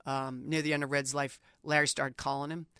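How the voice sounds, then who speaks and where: Fast, bright-voiced woman telling stories. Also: a bass voice, clean tone, dry recording, studio quality. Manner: animated storyteller, quick and talkative. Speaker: sportswriter guest. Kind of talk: casual interview talk.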